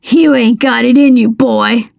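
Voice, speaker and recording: A woman voicing a drunk, violent middle-aged man who snarls threats, read slowly in a dry, close storybook reading. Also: a little high, fairly even intonation, vocal fry, a little mellow, no room sound, exaggerated voice. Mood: menacing.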